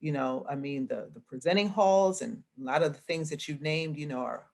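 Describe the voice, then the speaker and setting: A woman's voice: low voice, brisk, gravelly, darkish tone. A woman guest in an interview, an arts association president, speaking reflectively and thinking aloud with restarts. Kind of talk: conversational interview.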